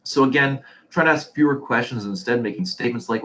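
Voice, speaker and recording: A man's voice: medium pitch, quick pace, a bit bright, a little hiss or hum, low-quality recording. A man leading a staff training session, explaining with anecdotes and rhetorical questions in an earnest manner. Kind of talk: presenting a staff training talk.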